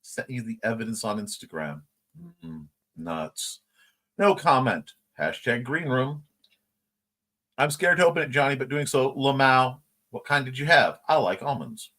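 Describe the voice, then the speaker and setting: Guy hosting a chill morning stream, reads chat out loud and cracks up, voice bounces around a lot. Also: mid-range voice, lively intonation, unhurried. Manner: reads viewer chat comments aloud, laughing along. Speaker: host. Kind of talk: casual livestream morning chat.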